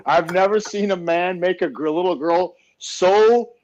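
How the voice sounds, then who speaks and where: Brief: male podcast guest, high-pitched, salty storyteller, muffled remote audio. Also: unhurried. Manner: profane, animated storytelling. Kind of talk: casual podcast chat.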